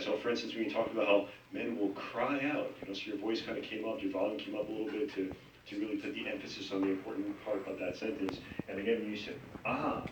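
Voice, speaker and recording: A man giving encouraging feedback on a reading at a congregation meeting, halting now and then with fillers and restarts. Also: mid-range voice. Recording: echoey hall, distant mic, faint hiss.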